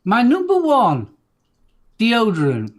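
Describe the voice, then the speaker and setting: A man in a casual podcast chat, speaking with slow, dry, understated delivery. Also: extremely high pitch, wildly swooping pitch. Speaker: show co-host.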